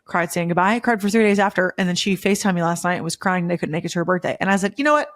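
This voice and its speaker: A woman in her thirties chats on her podcast in a gushing, emotional way, with plenty of "like" and "um" along the way. Her voice sits a little low for a woman. The sound is close and dry, with no room around it. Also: fairly even intonation, racing, no room sound. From Memphis, USA. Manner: gushing, emotional, chatty with many fillers. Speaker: podcast host. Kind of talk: casual chat.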